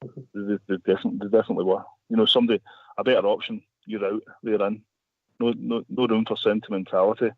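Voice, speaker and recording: A man's voice: fairly low pitch, steady tone, quick pace, dry recording. A man telling a long story as a radio guest, rambling with many restarts. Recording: phone line.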